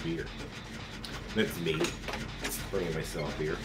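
A man's voice: very deep voice, steady tone, slow pace, very noisy. A young adult man streaming live, chatting casually with crude jokes and frequent laughter. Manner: crude, joking, laughs often.

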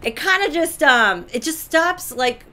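Bright, emphatic woman giving advice. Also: high-pitched, measured pace. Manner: emphatic, animated, repeats herself for effect. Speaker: co-host giving relationship advice. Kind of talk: casual advice chat.

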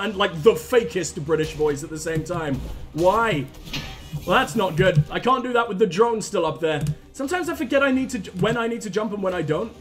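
A young man commentating his own gameplay, self-mocking and swearing, with sudden yelps when he fails. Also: sits high. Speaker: gaming channel host. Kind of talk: let's play commentary.

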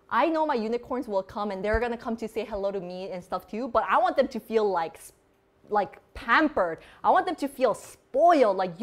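A woman hosting a beauty vlog, chatting casually and bubbly while demoing products, with lots of "like" fillers. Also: fairly high pitch. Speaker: beauty vlogger host. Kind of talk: casual live product demo chat.

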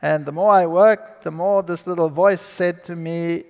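A man giving his personal testimony to an audience, telling the story in an animated, dramatic way. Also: fairly high pitch, measured pace, gravelly, hardly any pauses, clean tone. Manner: animated, dramatic storyteller who acts out dialogue. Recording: long hall reverb.

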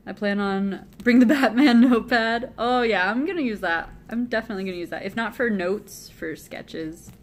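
A woman's voice: on the high side, moderate pace, hardly any pauses. A woman chatting casually and giggling often with friends while streaming from a hotel room. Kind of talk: casual chat.

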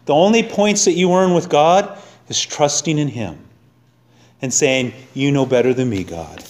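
A middle-aged male pastor preaching in a church sanctuary. He keeps the sermon folksy and conversational, with a fairly high voice for a man.

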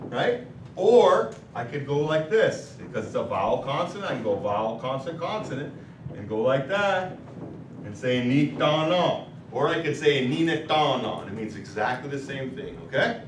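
A man's voice: medium pitch, slight background noise. A man teaching a classroom language lesson, patiently quizzing his students as he explains vowels and word patterns. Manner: patient, asks students questions. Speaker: language instructor. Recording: roomy classroom recorded from a distance.

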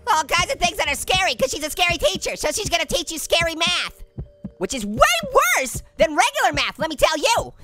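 Figure: Annoying Orange, a squeaky giggling cartoon fruit. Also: male voice, pushed and bright, exaggerated voice. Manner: giggly, punning, jokey. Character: hyper wisecracking male cartoon orange. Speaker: let's play host. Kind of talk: comedic gameplay commentary.

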